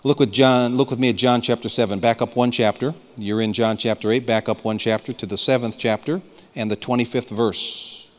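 A man's voice: mid-range voice, fairly even intonation, fairly quick, in a large hall. A man preaching a sermon as pastor, fervent and emphatic, urging his listeners to listen.

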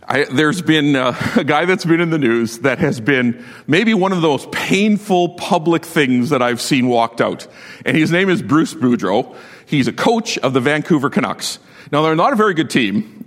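Animated male preacher in a reverberant hall. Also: mid-range voice. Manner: animated storytelling, laughs often, swings between loud and hushed. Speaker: pastor. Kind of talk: sermon.

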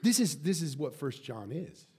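A man's voice: on the high side, big pitch swings, normal speed, darkish tone, husky. A man preaching a sermon, telling a family story and acting out the voices of the people in it. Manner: storytelling, acts out quoted voices. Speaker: pastor.

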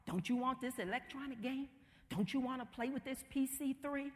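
Woman doing a sly kidnapper guy, low hushed coaxing, big echoey hall. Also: moderate pace, lightly acted. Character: menacing male kidnapper luring a child.

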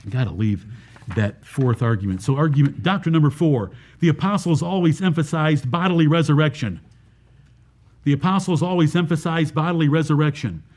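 A high-pitched man preaching a Baptist sermon. He explains scripture verse by verse and keeps putting rhetorical questions to the congregation. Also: fairly quick, a little mellow.

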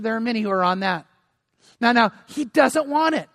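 A man's voice: very high voice, animated, normal speed, a bit bright, no room sound, clean studio sound. An older man preaching a sermon as pastor, earnest and emphatic, often repeating words as he restarts.

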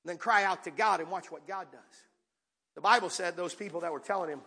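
A high, bright-toned male pastor with a husky edge preaches with fervor, swinging between quiet asides and shouted calls to the congregation. His voice rings through a church sanctuary with a long, trailing reverb. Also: brisk. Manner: impassioned, rising to shouts with audience call-outs. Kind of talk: sermon.

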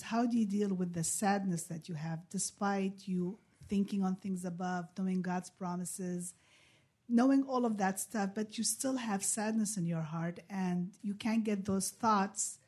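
A woman in the audience asks the pastor an earnest, slightly hesitant question. Her voice is husky and breathy. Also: mid-range voice, fairly even intonation, measured pace, a little mellow. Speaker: audience member asking a question. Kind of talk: question from the floor.

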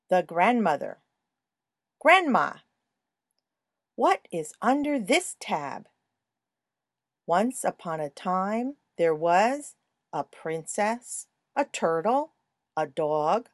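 A woman giving a slow, scripted language lesson in a clear, sing-song teaching voice. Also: fairly low pitch, no room sound, clean studio sound.

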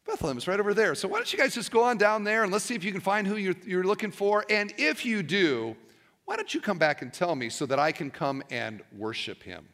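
A man's voice: high voice, sing-song, brisk, fairly bright tone, exaggerated voice. A man voicing a scheming male king who speaks in a breezy, falsely friendly way. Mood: sly.

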